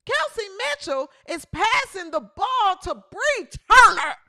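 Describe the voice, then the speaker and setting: A woman's voice: very high-pitched, very animated, slow, bright, forceful tone. A woman hosting a sports talk show, ranting emphatically and repeating phrases for emphasis. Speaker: host. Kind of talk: sports commentary rant.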